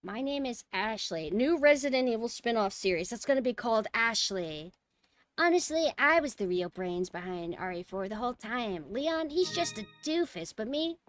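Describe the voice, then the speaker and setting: A woman's voice: a little high, lively intonation, moderate pace, slight background noise, close to an everyday voice. A woman voicing a snarky young woman from a game who acts cynical and self-important. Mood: smug.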